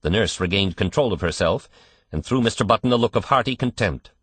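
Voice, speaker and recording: A man reads a classic story aloud as an audiobook narrator, measured and expressive. His voice sits low but moves with a lively, varied melody, and the recording is dry and close. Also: no echo. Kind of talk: scripted narration.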